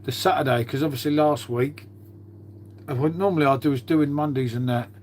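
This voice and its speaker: A middle-aged man with a slightly high, slightly mellow voice talks a little fast, with slight background noise. Laid-back, he rambles to his live-stream viewers, calls everyone mate, and muses aloud while tidying up.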